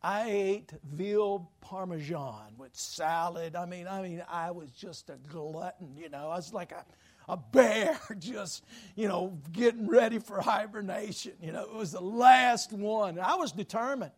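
A man's voice: high-pitched, a little slow. A male pastor from Louisiana, preaching through a folksy, rambling personal story with self-deprecating humor. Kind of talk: sermon told as a personal story.

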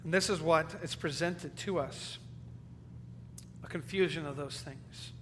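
A male pastor delivers an earnest sermon in a high, bright voice, moving from ringing emphasis to hushed low passages. The recording carries the long reverb of a church hall. A faint electrical hum sits underneath. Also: unhurried. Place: church sanctuary.

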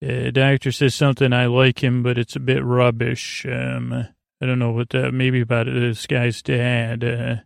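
Guy rambling through an episode recap, gravelly voice, pretty monotone, lots of uhs. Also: medium pitch, no echo, studio quality. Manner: halting, many fillers and restarts. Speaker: podcast host.

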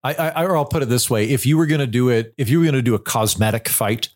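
A man telling stories in a casual chat as a podcast guest, animated and acting out other people's lines. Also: medium pitch, quick pace.

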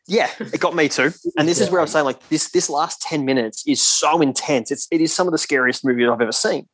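Male co-host, animated storyteller, dry close recording. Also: fairly high pitch, fairly quick, no room sound. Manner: animated retelling, swears freely. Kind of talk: casual chat.

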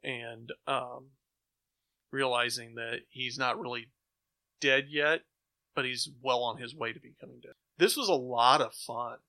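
A man's voice: mid-range voice, measured pace. A man co-hosting a casual chat, animatedly retelling comic stories and acting out the characters' lines. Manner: animated storyteller, acts out quotes. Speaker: comic book podcast co-host.

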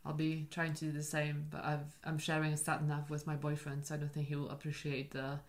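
Young woman joking around in casual chat, low-ish voice, playful. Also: completely flat delivery, fairly quick.

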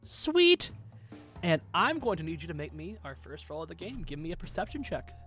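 A woman narrating a tabletop game as game master, talking in a lively way and laughing often. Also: low voice, fast talker, faint music behind.

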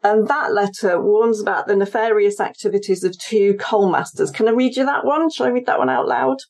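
A woman appears as a guest historian on an interview podcast. She explains her research at length and thinks aloud as she talks. Her voice sits at an ordinary mid pitch for a woman. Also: fairly quick, gravelly, darkish tone. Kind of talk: conversational interview.

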